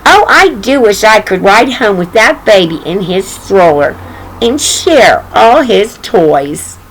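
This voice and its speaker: A woman voicing a sweet, dreamy female pig who keeps making gentle, longing wishes in a storybook. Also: medium pitch, big pitch swings, slow pace, slight background noise, low-quality recording. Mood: wishful.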